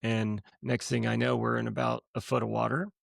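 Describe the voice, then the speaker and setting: A middle-aged man, a guest on his wife's podcast, telling a personal story in a casual, lively way and acting out what people said. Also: medium pitch, a little fast, creaky, no room sound, studio quality. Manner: lively storyteller who acts out quotes. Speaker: guest, the host's husband.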